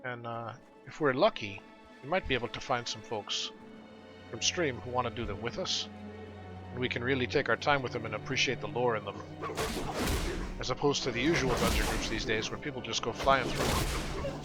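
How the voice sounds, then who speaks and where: A man's voice: mid-range voice, normal speed. Chatty man narrating his gameplay. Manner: chatty and rambling, with fillers. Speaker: gaming video host and streamer. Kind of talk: casual gameplay commentary. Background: game music.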